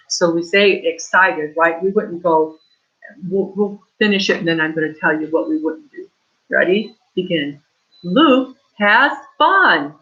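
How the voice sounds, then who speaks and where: A woman teaching a remote kindergarten reading lesson, reading slowly and with exaggerated stress, prompting the children with questions. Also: lowish voice, a bit bright. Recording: dull lo-fi online class audio.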